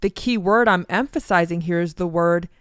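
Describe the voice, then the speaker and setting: Measured woman teaching scripture. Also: on the low side, clean tone, no echo, studio quality. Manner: measured, reads scripture slowly and deliberately. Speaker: co-host of a Bible teaching podcast.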